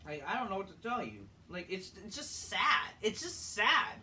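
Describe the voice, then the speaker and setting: A man reviewing a wrestling show in a profane, exasperated rant, full of rhetorical questions, swinging from loud outbursts to flat mutters. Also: high-pitched, normal speed. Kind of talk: ranting solo show review. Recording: distant mic, faint background noise.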